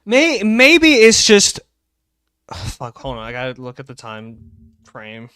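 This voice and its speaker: A young man streaming live, chatting excitably and rambling about game lore. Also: medium pitch, clear, resonant tone, dry recording, studio quality. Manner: excitable, rambling, quick bursts of laughter.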